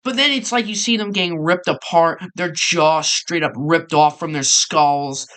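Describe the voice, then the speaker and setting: Rambly streamer reacting live, bright sharp voice, keeps laughing. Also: medium pitch, a little slow. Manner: excitable, rambling, laughs often.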